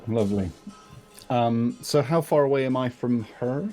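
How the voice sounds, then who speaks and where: A man's voice: mid-range voice, normal speed, a little mellow, soft background music. A man playing a tabletop game who talks through his character's actions in a thoughtful, hesitant way. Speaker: player.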